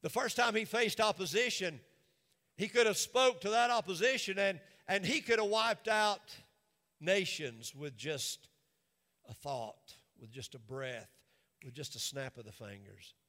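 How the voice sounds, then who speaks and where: High, bright-voiced preacher in a reverberant hall. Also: male voice, measured pace. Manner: emphatic, repetitive preaching cadence. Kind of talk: sermon. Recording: long reverb of a large hall.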